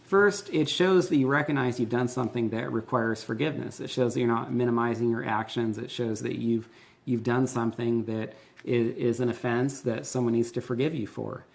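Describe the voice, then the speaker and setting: A man's voice: medium pitch, fairly even intonation, normal speed, vocal fry. A man in his thirties, a pastor and host, explaining things in a casual, candid and earnest way. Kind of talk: casual conversational teaching.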